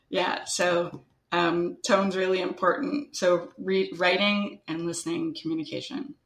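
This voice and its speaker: A woman's voice: lowish voice, fairly even intonation, slow pace, echoey room. A young woman with a strong Canadian accent, talking casually and upbeat in an interview, peppering her speech with "like" and "right?". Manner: chatty, upbeat, full of "like" and "right?". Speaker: guest.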